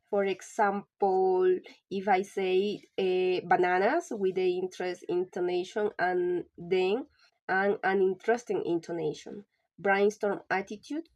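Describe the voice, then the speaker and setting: A woman presents a pronunciation lesson, reading from her notes. Her delivery is halting, broken up by frequent filler sounds and pauses. Her voice sits at an ordinary middle pitch. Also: darkish tone. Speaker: English teacher.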